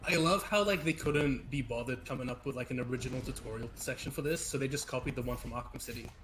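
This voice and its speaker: A man's voice: medium pitch, fast, fairly bright tone, slight background noise, poor audio. A man chatting casually on a gaming stream, rambling and swearing with many restarts.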